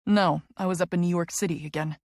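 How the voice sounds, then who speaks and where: A woman's voice: fairly low pitch, steady tone, fast, darkish tone, dry recording, studio quality, natural voice. A woman narrator voicing a teasing, protective young adult man who is the heroine's twin brother, in an audiobook.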